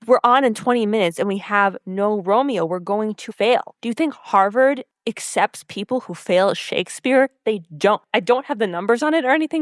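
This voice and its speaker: A woman hosting a podcast in relaxed, casual chat, walking through a TV episode scene by scene. She slips into quick impressions of each character's lines as she goes. Her voice sits at a middle pitch and sounds close and dry, with no room around it. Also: dry recording. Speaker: podcast co-host recapping episodes.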